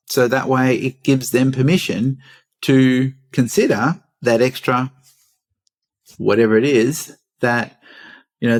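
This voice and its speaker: A man co-hosting a casual podcast, teasing and quick to laugh. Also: mid-range voice. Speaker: podcast co-host.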